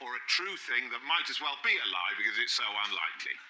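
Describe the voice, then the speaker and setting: Wry wordy guy reasoning aloud, bouncy pitch, noisy tv audio. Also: big pitch swings, fast. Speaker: team captain. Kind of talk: panel show banter.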